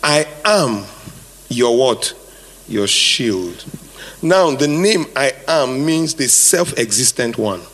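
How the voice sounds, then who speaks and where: A male pastor preaches animatedly in a live hall recording, taking it slowly, his medium-pitched voice fairly bright. He's emphatic and repetitive, repeating phrases and asking the congregation to fill in words.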